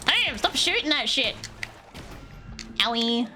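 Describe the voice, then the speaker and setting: An excitable woman streamer commenting live on her game and swearing freely as she plays. Her voice is high and very bright, with pitch that leaps around constantly. Faint game music hums behind her. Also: slow. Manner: excitable, foul-mouthed, talks to the game.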